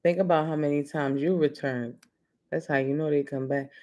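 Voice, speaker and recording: A man's voice: on the high side, fairly even intonation, moderate pace, a little mellow, dull audio. A man hosting a casual chat show, talking in a loose, joking, slangy way. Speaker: host.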